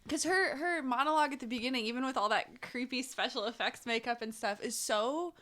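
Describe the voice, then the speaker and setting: A woman with a fairly high, bright voice, talking warmly and earnestly in a casual podcast chat. She sounds keen and a touch thoughtful. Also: a little fast. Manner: earnest, enthusiastic, fond. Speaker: podcast guest.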